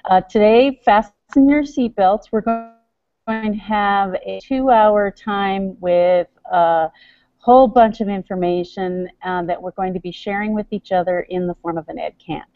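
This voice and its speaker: A woman's voice: medium pitch, a little slow, faint music behind. Rambling woman organizer on a video call. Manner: rambling, self-deprecating, hesitant. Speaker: organizer of the teacher training. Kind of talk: casual online meeting talk. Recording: dull, dry video-call audio.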